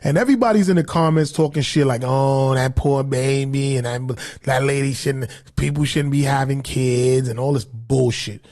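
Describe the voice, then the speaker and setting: A man hosting a casual podcast livestream, ranting in a profane, heated, rambling way. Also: high voice. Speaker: podcast host.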